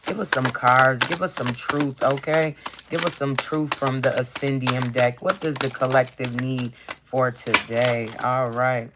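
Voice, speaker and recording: A medium-pitched, fairly bright voice belongs to a live-stream card reader who lists each card's keywords aloud. The tone stays casual and profane, and "okay?" gets tacked onto line after line.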